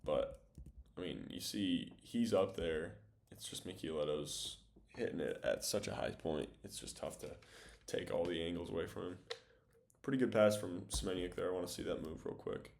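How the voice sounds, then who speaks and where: A man's voice: deep voice, moderate pace, gravelly, darkish tone, a little hiss or hum. A young man casually breaking down volleyball game film, thinking aloud with lots of fillers as he goes. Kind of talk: casual video breakdown commentary.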